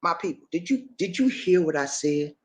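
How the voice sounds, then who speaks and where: A man giving animated, preachy commentary on a news story, playful and repetitive, with questions for his audience. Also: on the high side, normal speed. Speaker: commentary channel host.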